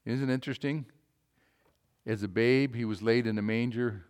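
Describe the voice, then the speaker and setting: A man preaching a sermon, with emphatic calls that swing to quiet, low asides. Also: fairly even intonation, normal speed, clear, resonant tone.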